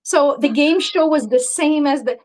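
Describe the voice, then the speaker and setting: A woman's voice: sits high, moderate pace, darkish tone. A woman in her forties or fifties from Canada, telling stories in a friendly casual chat. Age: 40s or 50s.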